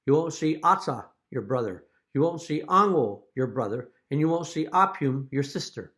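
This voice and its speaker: A man speaking as a father straight to his children in a video message, earnest and deliberate, now and then telling a wry joke. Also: on the high side, a bit bright. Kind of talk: direct-to-camera video message.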